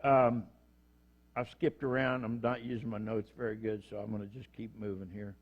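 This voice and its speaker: A man's voice: on the low side, flat delivery, moderate pace, highs cut off. An older man preaching a sermon, telling folksy stories and acting out the people in them. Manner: folksy storytelling, acts out quoted voices. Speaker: pastor.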